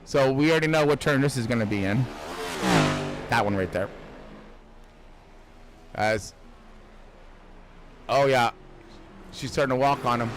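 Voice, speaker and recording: A man giving casual, jokey sim racing commentary who gets excitable and shouts when cars crash. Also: fairly high pitch, fairly quick, long pauses, a little hiss or hum, low-quality recording. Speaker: race commentator.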